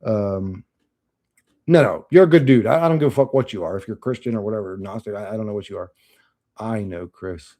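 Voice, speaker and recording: A man's voice: medium pitch, big pitch swings, brisk, dark tone. A young man streaming live, chatting casually and bluntly, cursing often and laughing at chat.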